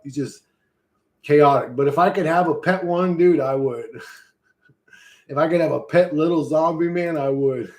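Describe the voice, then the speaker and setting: A man's voice: a little high, darkish tone. A man streaming live, chatting casually and rambling with lots of swearing and laughter. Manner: rambling, profane, laughs often. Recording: echoey room.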